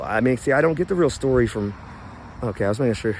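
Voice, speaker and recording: Outdoors in his yard, a vlogger rants angrily and profanely into his phone camera, stoned and rambling. His mid-range voice is expressive and fast, and there's a little hiss or hum in the audio.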